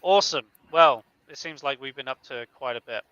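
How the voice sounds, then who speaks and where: Bright, crisp-voiced stream host on a dull mic. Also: male voice, mid-range voice, brisk, dry recording. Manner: upbeat, laughs often, addresses the chat. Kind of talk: casual live-stream chat.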